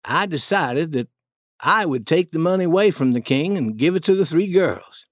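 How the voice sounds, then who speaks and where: Lively-voiced male storybook narrator. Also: on the high side, normal speed, no room sound.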